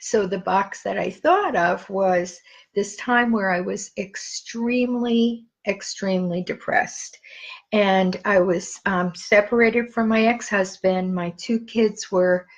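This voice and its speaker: A woman's voice: medium pitch, takes it slowly. A middle-aged woman hosting her own live stream, talking through personal memories in a casual monologue, rambling with many restarts and fillers. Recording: slightly dull lo-fi audio.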